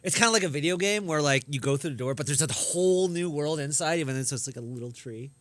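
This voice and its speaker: A man's voice: on the high side, quick pace, dry recording. A man co-hosting a casual livestream, playful and giggly, with crude jokes. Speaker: stream co-host. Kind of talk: casual chat.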